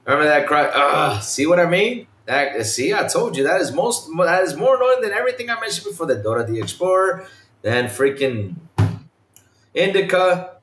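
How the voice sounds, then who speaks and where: A man hosting a casual gaming podcast, animated, imitating game sounds and swearing casually. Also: on the high side, moderate pace, echoey room, slight background noise. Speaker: podcast host.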